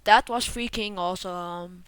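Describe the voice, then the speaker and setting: A woman's voice: on the low side, unhurried, fairly bright tone, clear, resonant tone, dry recording. A woman hosting a gaming video, cursing and repeating herself frantically, often dropping to a mutter. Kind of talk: gameplay commentary.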